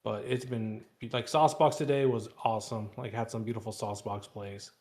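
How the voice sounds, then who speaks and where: A man's voice: on the low side, fairly even intonation, normal speed, darkish tone. A man hosting a live trading stream, chatting casually and rambling, repeating words and swearing now and then.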